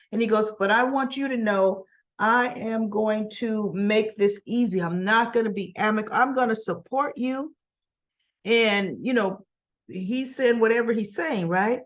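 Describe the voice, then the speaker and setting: A chatty woman with a slightly high voice talks through a soap opera episode scene by scene. She slips into the characters' lines and keeps checking in with her listeners. The sound is a bit muffled and lo-fi. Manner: chatty, acts out characters' lines, asks viewers "right?". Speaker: soap opera recap host. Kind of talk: casual chat recapping a soap episode.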